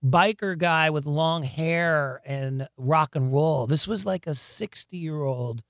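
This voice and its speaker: A man telling wild stories in an interview, excitable and profane, stammering, laughing often and breaking into loud shouts. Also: on the high side, slow, no echo, studio quality. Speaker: guest, rock singer. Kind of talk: animated storytelling in an interview.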